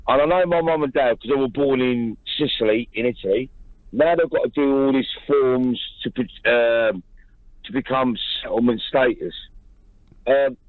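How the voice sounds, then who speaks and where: Indignant caller on a phone line. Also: male voice, mid-range voice, no room sound. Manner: indignant, pressing, uses "mate". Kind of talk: phone-in call.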